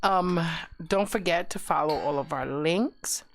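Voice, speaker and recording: A woman's voice: lowish voice, a little slow, vocal fry, a little hiss or hum. A woman hosting a live stream show, chatting casually in a giggly, teasing, playful way.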